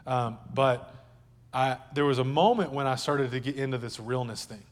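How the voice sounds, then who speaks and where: A man's voice: mid-range voice, moderate pace, in a large hall. A male pastor preaching a sermon at a church service in a conversational, joking way, with asides to the congregation.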